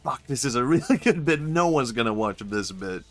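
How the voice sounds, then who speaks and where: A man's voice: mid-range voice, animated, moderate pace, a bit bright, soft background music. A male streamer giving casual, joking commentary while playing a game, laughing often and swearing freely.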